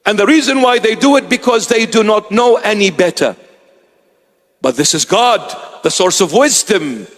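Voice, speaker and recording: With a high voice, lively intonation and a somewhat bright tone, a man preaching as a bishop keeps a moderate pace. His sermon is told through stories in which he acts out the quoted voices, recorded with long hall reverb.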